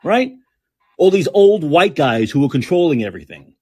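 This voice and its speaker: Husky, profane man ranting. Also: on the high side, big pitch swings, normal speed, darkish tone. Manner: angry, profane, sarcastic ranting. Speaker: podcast host. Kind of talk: ranting political commentary.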